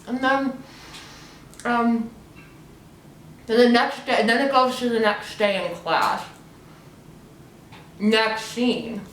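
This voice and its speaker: A woman's voice: a little high, slow pace, long pauses, a little hiss or hum. A young woman with her mouth stuffed with marshmallows, recapping a TV episode in a rambling, blunt, swearing way. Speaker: host. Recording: echoey room, distant mic.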